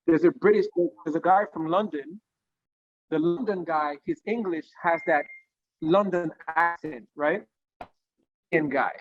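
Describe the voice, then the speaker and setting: Animated man, dull lo-fi audio. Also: a little high, measured pace, pauses often. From Nigeria. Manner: animated, explains through analogies, keeps checking with "right?". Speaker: guest singer giving career advice. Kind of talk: conversational interview.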